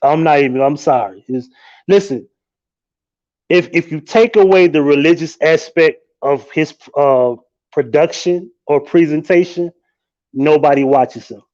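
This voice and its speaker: A man hosting a live stream, talking in a casual, animated and profane way, often breaking into laughter. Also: fairly high pitch, a little slow, highs cut off.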